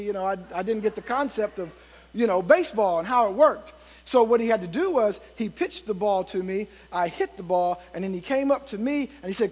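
A man's voice: high-pitched, fairly quick, a little mellow, breathy edge. A man preaching a sermon as pastor, telling stories and reading scripture with rising emphasis and frequent fillers. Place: church sanctuary. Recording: long reverb of a church hall.

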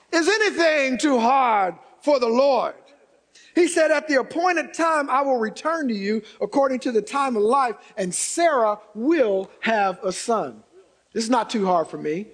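A man preaching a sermon as pastor, animated, acting out quotes and building to shouts. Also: extremely high pitch. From Indiana.

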